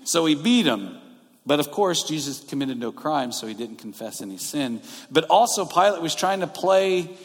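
A man's voice: fairly high pitch, big pitch swings, moderate pace, husky. A male pastor preaching a sermon in a conversational way, explaining scripture verse by verse. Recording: long reverb of a large hall.

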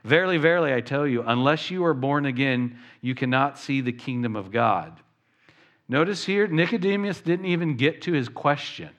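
A man preaching a sermon as pastor, talking in an animated way and acting out the voices of the people he quotes. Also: medium pitch, normal speed, lo-fi sound.

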